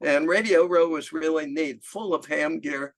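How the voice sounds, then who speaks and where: An older man on a video call, telling a lively story about his childhood, laughing often and acting out the voices of the people in it. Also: fairly high pitch, a little slow. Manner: animated anecdote, laughing often, acts out voices. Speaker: club member giving a talk. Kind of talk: storytelling talk.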